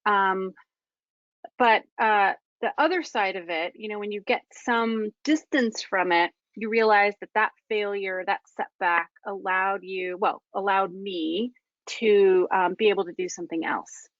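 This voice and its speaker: A woman's voice: medium pitch, unhurried, no room sound, dull audio. Frank woman presenting a writing webinar. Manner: frank and self-deprecating, with many fillers. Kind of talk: candid conversational presentation.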